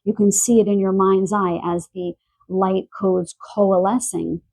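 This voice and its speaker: A woman giving a spiritual pick-a-card reading, gentle and searching, relaying messages with pauses and fillers. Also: medium pitch, level tone, dry recording, low-quality recording. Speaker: tarot card reader. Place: quiet room in the evening.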